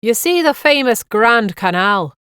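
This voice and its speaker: A woman voicing a jolly, joking male Irish bus guide with a booming voice and a broad Irish accent put on. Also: big pitch swings, a little slow, clear, resonant tone, no room sound, clean studio sound. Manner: joking, loud and drawn out.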